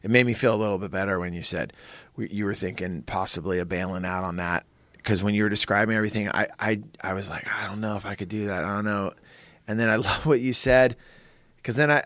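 A man co-hosting a casual podcast chat, candid and quick to laugh as he reacts. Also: fairly low pitch, steady tone, fairly bright tone, no echo.

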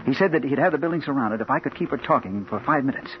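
A man playing a hard-boiled newspaper guy narrating, really expressive swings, old muffled radio hiss. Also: mid-range voice, racing, lightly acted. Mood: brooding. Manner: terse, urgent first-person narration. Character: hard-boiled male crime reporter, narrator. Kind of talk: 1940s radio acting. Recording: old radio broadcast, dull with faint hiss.

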